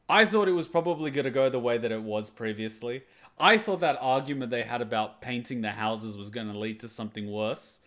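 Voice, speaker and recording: A man hosting a reaction video, talking casually and earnestly about an episode in short repeated phrases. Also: medium pitch.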